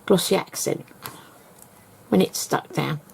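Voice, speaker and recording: A woman's voice: low-pitched, slow, creaky, a little mellow, breathy edge. A woman giving a casual, rambling craft tutorial, explaining step by step at home.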